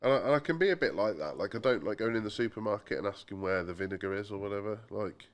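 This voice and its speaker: A man's voice: fairly low pitch, animated, fast. A young man co-hosting a casual podcast, telling chatty anecdotes and quoting people in voices. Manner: chatty storyteller, quotes people in voices, mild swearing. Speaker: podcast co-host.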